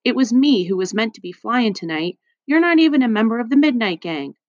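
A woman's voice: medium pitch, lively intonation, moderate pace, gravelly, no echo, highs cut off. A woman voicing a grumpy, bossy young boy in an audiobook, speaking curtly. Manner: curt and snappish.

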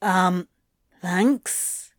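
A woman's voice: fairly low pitch, very slow, no room sound. A woman reading a story aloud and voicing a sarcastic, flustered male demon with a dry, mirthless drawl. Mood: sardonic. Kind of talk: audiobook fan fiction reading.

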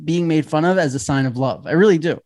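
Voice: medium pitch, quick pace, darkish tone. A podcast co-host, talking candidly in casual chat, swearing freely and laughing often.

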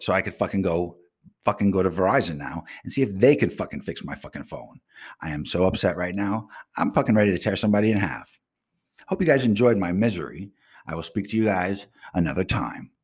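A man's voice: sits low, sing-song, fairly quick, slightly rough. A man ranting furiously to his viewers in a casual vlog, swearing nonstop and flaring into angry outbursts. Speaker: vlogger.

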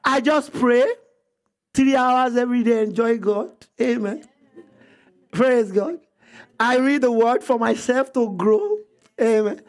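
A pastor preaching an emphatic sermon who repeats phrases and breaks into bursts of shouting. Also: mid-range voice, takes it slowly, long pauses.

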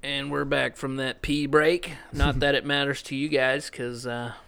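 Young guy cohost, drawls slow, keeps cracking up, crude jokes. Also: medium pitch, flat delivery, vocal fry, sharp tone, smooth. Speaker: podcast co-host. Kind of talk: casual chat. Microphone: studio podcast mic.

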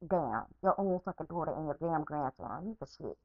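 A woman's voice: deep voice, expressive, moderate pace, gravelly, muffled recording. A woman podcaster in an angry, unscripted rant, swearing heavily and repeating herself, recorded as a phone voice message. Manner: profane, repetitive, heated.

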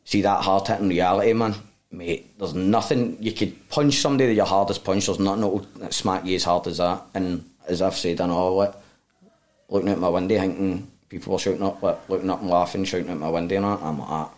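A man's voice: sits low, steady tone, fairly quick, a little mellow. A man with a Glasgow Scottish accent, a guest telling his story frankly in an interview, in blunt, sweary speech with tumbling restarts. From Glasgow, Scotland. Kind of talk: candid storytelling in a podcast interview.

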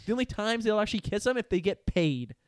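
A young man in casual chat, telling stories and ranting in quick animated bursts. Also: high-pitched, clear, resonant tone, no echo, studio quality.

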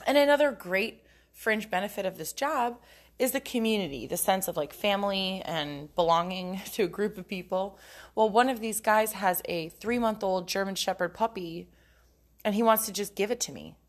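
A woman's voice: mid-range voice, moderate pace. Giggly, foul-mouthed woman podcast host. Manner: profane, giggly, frank and joking. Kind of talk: casual solo podcast monologue.

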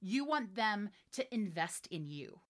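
A woman in her forties, a voiceover artist and director, chatting in an interview with lively, emphatic energy and frequent laughs. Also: medium pitch, measured pace. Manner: animated, laughing, emphatic storytelling. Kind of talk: casual interview chat.

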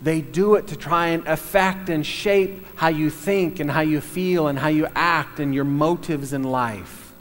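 A man's voice: fairly high pitch, a little hiss or hum. Middle-aged man preaching in a reverberant hall. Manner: halting, full of fillers and restarts. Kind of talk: sermon storytelling.

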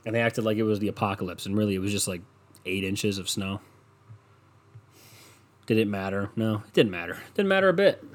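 A man's voice: lowish voice, lively intonation, brisk, pauses often. A young man hosting a casual solo podcast, ranting with lots of swearing, mocking people and laughing at his own jokes. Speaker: podcast host.

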